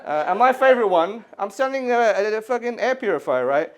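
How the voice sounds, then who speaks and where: Middle-aged stand-up: exasperated, sweary, with a very animated pitch. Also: male voice, fairly quick. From England. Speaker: stand-up comedian. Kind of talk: stand-up comedy set. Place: art gallery stage, live audience.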